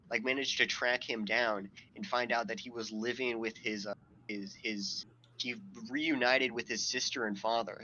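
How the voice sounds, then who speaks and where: A man's voice: mid-range voice, pushed and bright, dull audio, a little hiss or hum. A man hosting a podcast, telling a story in a rambling, profane way, full of fillers and his own laughter. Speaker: podcast host. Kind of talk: casual podcast chat.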